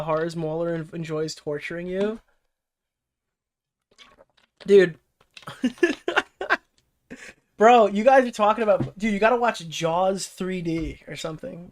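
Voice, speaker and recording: Young streamer dude, kinda high voice, swears a lot, rambles and cracks up laughing at chat. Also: male voice. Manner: profane, rambling, laughs often, mocking impressions. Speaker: streamer and commentary host. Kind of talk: casual livestream chat reading chat comments.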